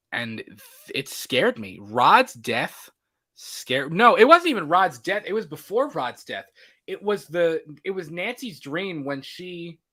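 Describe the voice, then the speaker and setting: A man's voice: mid-range voice, bright, forceful tone. A man hosting a movie podcast, talking casually and animatedly with many fillers and restarts. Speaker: podcast host.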